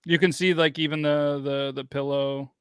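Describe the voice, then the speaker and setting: A man's voice: a little high, level tone, normal speed, a bit bright, clear, resonant tone, no echo, studio quality. A man hosting a casual podcast, chatting as he reacts to online videos, rambling with fillers and restarts. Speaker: podcast host.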